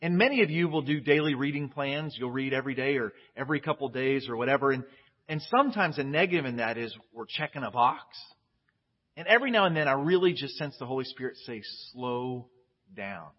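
A man's voice: mid-range voice, expressive, fast talker. A man preaching as a pastor in a casual, candid sermon, chatty and restarting his phrases. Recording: dull lo-fi audio.

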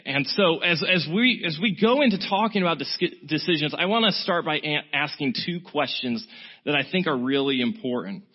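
A man preaching, telling a self-mocking story with an animated delivery. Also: on the high side. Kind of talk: sermon with storytelling. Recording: dull, muffled sound.

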